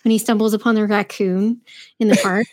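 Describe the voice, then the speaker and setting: A woman's voice: medium pitch, fairly even intonation, fairly quick, no room sound, clean studio sound. A woman talking as a podcast guest, bubbly and rambling with plenty of fillers. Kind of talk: casual podcast discussion.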